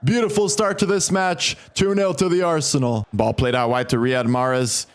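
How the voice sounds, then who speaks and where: A young man giving casual play-by-play commentary on his own football video game match, excited by goals and quick to vent at mistakes. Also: a little high. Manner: excitable, swings between calm narration and frustrated outbursts. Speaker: gaming commentator.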